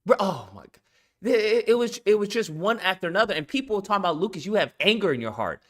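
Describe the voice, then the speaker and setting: A man's voice: sits high, fast talker. A man hosting a casual chat, telling a story with emphasis and acting out what others said. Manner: animated, emphatic storyteller who acts out quotes. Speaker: show host.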